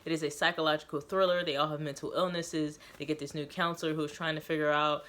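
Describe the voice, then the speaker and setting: A woman's voice: sits low, flat delivery, quick pace, a bit bright. Woman casually reading a story aloud. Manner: casual, filler-heavy asides, dramatic read. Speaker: channel host reading a story.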